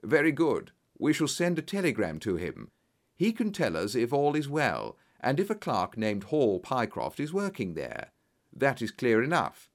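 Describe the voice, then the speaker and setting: A man doing a confident, brisk detective. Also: mid-range voice, wildly swooping pitch. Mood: explaining. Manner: brisk, explanatory, commanding. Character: sharp, confident male detective, middle-aged.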